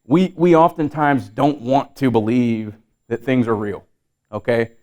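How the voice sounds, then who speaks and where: Male safety instructor, mid-pitched and smooth, casual and filler-heavy delivery to a live class. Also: steady tone, a little slow, darkish tone. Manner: conversational, many fillers and repeats. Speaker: safety trainer. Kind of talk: live training talk.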